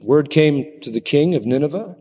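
A man preaches a lively, dramatic sermon and speaks straight to his audience. His voice sits a little high for a man. A long hall reverb hangs behind his words. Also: moderate pace, husky. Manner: dramatic, animated, plays up the story for listeners.

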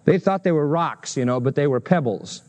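Guy preaching a bible sermon, kinda high voice, earnest, gets pitchy and emphatic on the big lines. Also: moderate pace, a little mellow.

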